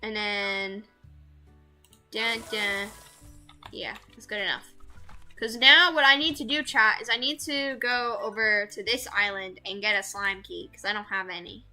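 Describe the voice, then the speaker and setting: A young woman streaming a game, chatting casually with her viewers and gushing loudly over cute things. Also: medium pitch, steady tone, a little slow, soft background music. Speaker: VTuber streamer. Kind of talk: casual gameplay chat with viewers.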